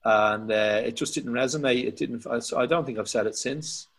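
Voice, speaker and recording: A man with an Irish accent, a poet talking casually as a podcast guest, reflective and halting with many restarts. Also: mid-range voice, a bit bright, poor audio. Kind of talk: casual conversation.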